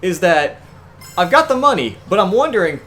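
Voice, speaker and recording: A man's voice: sits high, sing-song, moderate pace, fairly bright tone. A young man co-hosting a let's play, chatting casually and wryly, often exasperated and laughing. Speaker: co-host. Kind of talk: casual gameplay chat.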